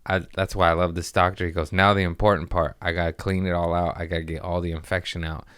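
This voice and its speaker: A man hosting a comedy podcast, telling a rambling, profane story in casual chat and jumping up in pitch for the punchlines. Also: flat delivery, fast talker, fairly bright tone, clean tone, dry recording.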